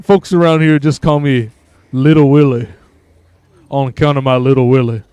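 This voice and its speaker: A man voicing a loud rural character who taunts a city boy in mocking sing-song. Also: medium pitch, steady tone, moderate pace, smooth, no echo, lightly acted. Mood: boastful.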